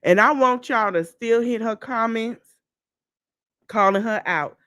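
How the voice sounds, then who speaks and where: A woman's voice: fairly high pitch, unhurried, fairly bright tone, no echo, clean studio sound. A woman hosting a podcast, giving blunt, mocking gossip commentary and laughing often. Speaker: podcast host.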